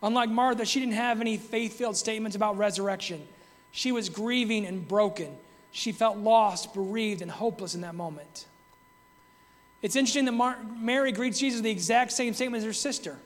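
Reflective high-voiced male preacher, hall echo. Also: a little fast. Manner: reflective, reads scripture aloud in King James wording. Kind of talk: devotional Bible teaching.

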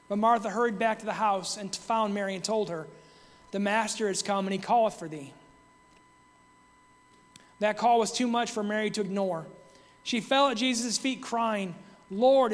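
A man's voice: high voice, in a large hall. A man giving a reflective devotional Bible teaching, reading scripture passages aloud between his comments. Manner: reflective, reads scripture aloud in King James wording. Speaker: preacher.

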